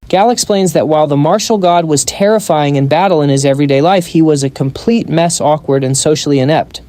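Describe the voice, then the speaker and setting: A man tells a comic-book recap as scripted narration, keeping it brisk and wry with playful asides. His voice sits a little high for a man, soft and mellow in tone. The sound is close and dry, with no room around it. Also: no room sound.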